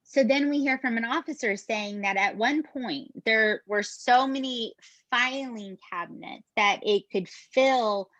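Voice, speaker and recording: Animated woman telling a true-crime story. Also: fairly high pitch, unhurried, no echo. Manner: animated, emphatic, swears casually. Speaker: podcast co-host. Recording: dull, dry lo-fi podcast mic.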